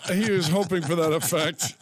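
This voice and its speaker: A man's voice: a little high, moderate pace, background noise. A man co-hosting a live radio talk show, throwing out dry, teasing wisecracks. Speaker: co-host. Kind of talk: casual radio chat.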